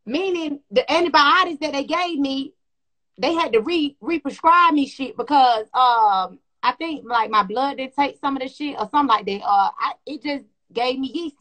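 Loud, profane woman chatting on a livestream. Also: high voice. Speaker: livestream host. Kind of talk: casual livestream chat.

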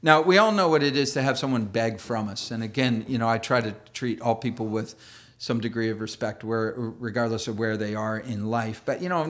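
A male pastor gives a sermon in an animated, chatty storytelling way and acts out quoted voices. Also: medium pitch. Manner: chatty, full of fillers and restarts.

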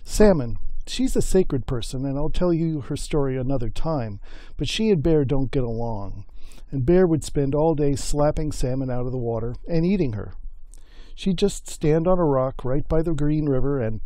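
A male storyteller spinning a folk myth in an easygoing, homespun way. His voice is mellow and relaxed. The recording is dry and close, with no room sound. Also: a little high, no echo. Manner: folksy and unhurried, with voiced characters.

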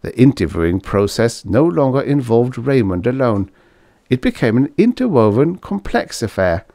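A man narrating a short story in an expressive storytelling manner. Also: mid-range voice, moderate pace, creaky, no room sound, studio quality. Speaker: audiobook narrator. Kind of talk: scripted narration.

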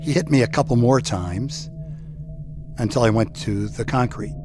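A man's voice: medium pitch, background noise. Man telling his own story. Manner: reflective, halting. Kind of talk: personal storytelling. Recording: produced podcast with music bed.

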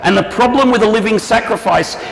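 A man preaching a sermon, animated and acting out prayers and quoted lines in shifting voices. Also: high-pitched, a little fast, vocal fry. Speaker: pastor. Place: church hall. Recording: echoey church hall, long reverb.

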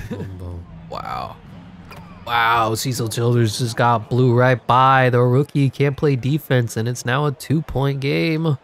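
A man giving jokey, excitable play-by-play over a video game, his voice congested and wearing out, breaking into sudden yells. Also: mid-range voice, slow. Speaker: gaming commentator. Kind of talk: live game commentary.

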